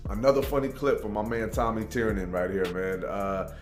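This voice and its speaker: A man's voice: on the low side, moderate pace, reverberant, soft background music. A man hosting a reaction video, chatting casually and rambling, with "man" and "you know" in every other sentence. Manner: laid-back, rambling, says "man" and "you know" often.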